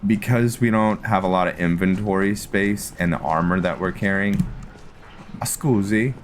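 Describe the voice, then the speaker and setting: A man hosting a let's play video, giving relaxed, casual gameplay commentary and thinking aloud with fillers. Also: low-pitched, moderate pace, slight background noise.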